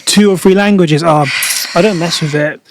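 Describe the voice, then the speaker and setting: An English man hosting a podcast, chatting casually with quick, playful reactions. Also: fairly high pitch, background noise. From England. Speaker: podcast host. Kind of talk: casual chat.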